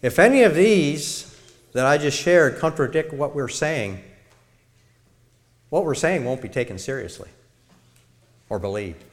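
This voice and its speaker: Middle-aged guy preaching slow and measured, big hall reverb trailing off. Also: fairly high pitch, expressive. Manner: measured, demonstrates tones of voice. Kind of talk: sermon-style talk to a congregation. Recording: long reverb of a large hall.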